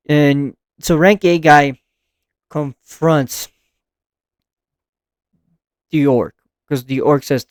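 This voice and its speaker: A man recapping anime episodes in a relaxed, excitable video review, with slang and casual swearing. His voice is smooth and resonant, at an ordinary pitch for a man. The sound is dry and close, with little room echo. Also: slow pace, long pauses.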